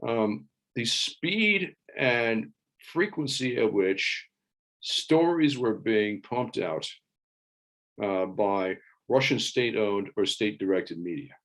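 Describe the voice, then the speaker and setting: A man giving an online talk with slides, in a wry and halting way, with many fillers and restarts. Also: fairly low pitch, animated, fairly bright tone. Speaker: invited speaker.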